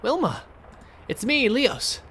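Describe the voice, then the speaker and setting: A man voicing a lonely, warm-hearted older male innkeeper in a video game, with a put-on foreign accent and a halting, earnest delivery. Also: very high voice, wildly swooping pitch, slight background noise, voice pushed up, exaggerated voice. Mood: wistful.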